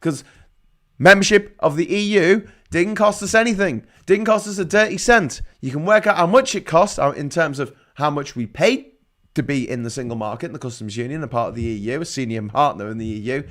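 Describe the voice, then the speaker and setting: Brief: middle-aged English livestream host, slightly higher voice, sarcastic, sweary, laughs at his own jokes. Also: brisk, fairly bright tone. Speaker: livestream host reading viewer comments. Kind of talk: casual ranting live chat.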